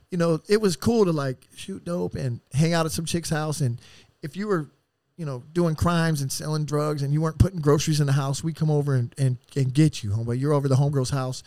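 Profane, streetwise man with a higher voice. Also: darkish tone, no room sound. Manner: profane, rambling, streetwise slang. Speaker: podcast guest. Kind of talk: casual storytelling.

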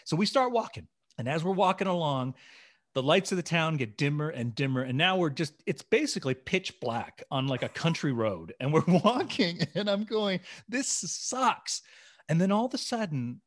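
A man co-hosting a podcast, telling a story in a casual, animated way, acting out dialogue and laughing along. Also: a little high, normal speed. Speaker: podcast co-host.

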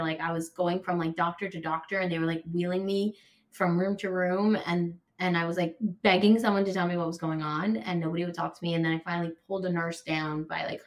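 An American woman telling a personal story candidly and emotionally, with many fillers like "like" and sudden raised-voice bursts when she recounts her anger. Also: on the low side. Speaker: podcast guest.

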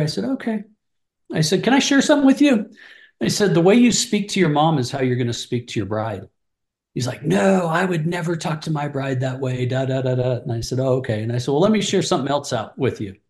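A man's voice: medium pitch, echoey room. Earnest middle-aged man telling stories. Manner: earnest, animated retelling of conversations with restarts. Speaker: ministry leader, mentor. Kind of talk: conversational interview storytelling.

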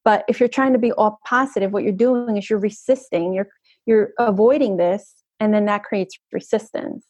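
A woman's voice: medium pitch, normal speed, darkish tone, slightly rough, dry recording. A woman energy coach talking as a guest in an interview, flowing and earnest, often checking in with "right?". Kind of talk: conversational podcast interview.

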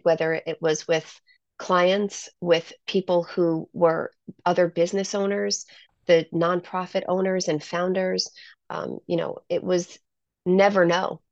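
A woman's voice: lowish voice, a little slow, creaky, a little mellow, no room sound. A woman who owns a salon, talking as a guest in a casual interview and telling stories with enthusiasm. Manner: enthusiastic storyteller. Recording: slightly muffled dry sound.

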